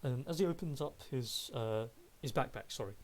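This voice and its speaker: A man narrating a tabletop role-playing game as game master, descriptive and unhurried. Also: mid-range voice, slight background noise.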